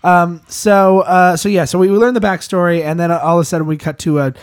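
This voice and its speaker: Man, slightly high voice, animated casual chat, laughs often, dry close sound. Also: a little fast, no echo. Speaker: podcast co-host. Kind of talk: casual movie discussion.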